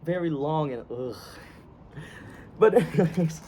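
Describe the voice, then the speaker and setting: Young american guy, kinda high voice, jokey and laughy, trips on words, bit of room hiss. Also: animated, slow pace, mellow. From United States. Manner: joking, laughs often, trips over words. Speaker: co-host of a script reading video. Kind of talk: casual banter. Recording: faint room noise.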